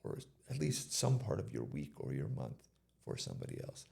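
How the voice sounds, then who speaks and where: A man's voice: extremely low pitch, wildly swooping pitch, normal speed, creaky, mellow. A man giving an interview, telling a personal story and retelling conversations in casual quoted speech. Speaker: interview guest.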